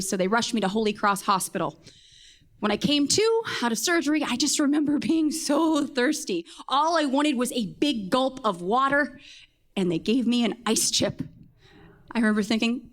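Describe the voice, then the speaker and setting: A woman with a fairly high voice tells a personal story on stage. Her delivery is wry and self-deprecating, and she lands punchlines deadpan. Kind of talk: comedic live storytelling.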